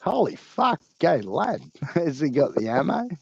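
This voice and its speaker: A man's voice: medium pitch, big pitch swings, a little slow, creaky, warm tone, slightly rough, no echo, muffled recording. A man trading crude, giggly banter in casual chat.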